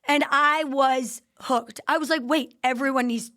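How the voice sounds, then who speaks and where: A woman's voice: high-pitched, steady tone, unhurried, a bit bright. A woman podcast host telling her company's founding story in a casual interview, acting out the quoted dialogue with animation.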